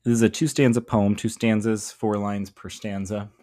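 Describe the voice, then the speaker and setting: Low-voiced man explaining a poem. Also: flat delivery, moderate pace, dark tone. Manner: thoughtful, explanatory, with fillers. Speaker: teacher. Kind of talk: poetry lesson talk.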